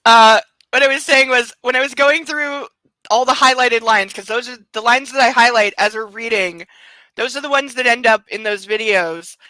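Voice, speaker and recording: A woman's voice: fairly high pitch, normal speed, pushed and bright, dry recording, poor audio. A woman hosting a book show, chatting casually and laughing at herself. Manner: chatty and self-amused, with frequent laughs. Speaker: host. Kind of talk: casual chat.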